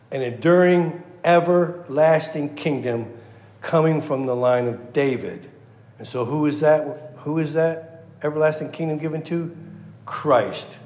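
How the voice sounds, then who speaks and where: A man preaching a sermon, quoting scripture with passion and dropping to a hush at key lines. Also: a little high. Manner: impassioned, swings from loud to hushed. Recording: echoey room.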